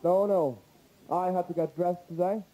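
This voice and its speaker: A man's voice: sits high, steady tone, normal speed, dark tone. A man doing stand-up, hesitant and self-deprecating, with many ums. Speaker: stand-up comedian. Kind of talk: stand-up routine. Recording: noisy VHS tape with audience noise.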